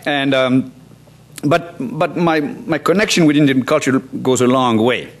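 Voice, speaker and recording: A man's voice: mid-range voice, unhurried. A law professor in his sixties, from France, giving a conference talk with many restarts, fillers and wry asides. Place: conference hall.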